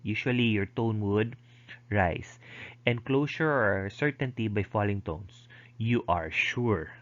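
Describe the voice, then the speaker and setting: A male lecturer explaining pronunciation slowly, with frequent fillers and restarts, modeling sounds aloud. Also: on the low side, dull audio. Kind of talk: recorded online lecture.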